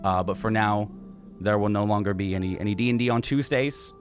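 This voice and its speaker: A young man in casual chat as dungeon master, narrating a tabletop game in a halting, laid-back way with many fillers. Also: on the low side.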